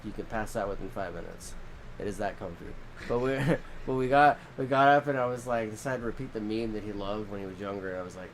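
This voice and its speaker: A man co-hosting a casual podcast, telling rambling stories with a minor head cold and acting out quotes in squeaky voices. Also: a little hiss or hum. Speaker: podcast co-host. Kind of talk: casual chat.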